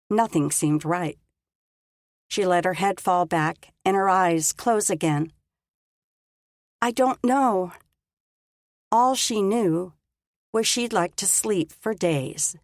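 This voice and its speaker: Slow, low-voiced woman narrating a story. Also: no room sound, clean studio sound. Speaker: audiobook narrator. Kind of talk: scripted narration.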